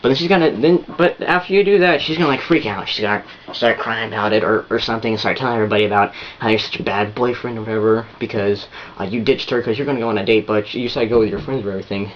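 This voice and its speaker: A man's voice: on the low side, rapid-fire, slight background noise. Rambling man on a lo-fi home recording. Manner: rambling, repetitive, many restarts. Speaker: vlogger giving advice. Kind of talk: rambling casual monologue.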